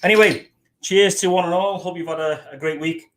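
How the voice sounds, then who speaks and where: A man's voice: high-pitched, fairly even intonation, brisk, fairly bright tone. A British man hosting a casual live stream, bantering, swearing and laughing with guests. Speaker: livestream host. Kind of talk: casual livestream chat.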